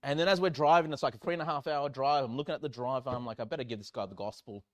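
A male church pastor preaching by telling a personal story, with animated delivery that swings from loud exclamations to hushed, low lines. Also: rapid-fire. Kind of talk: sermon storytelling.

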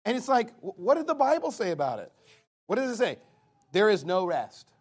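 A man's voice: high-pitched, huge pitch swings, fairly quick. A man preaching a sermon, emphatic and blunt, driving points home with rhetorical questions he answers himself.

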